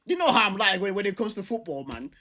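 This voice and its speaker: Animated young man ranting, high voice. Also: over a noisy crowd. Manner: animated, stubborn, fast ranting with many repeats. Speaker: livestream football show host. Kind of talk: casual football chat.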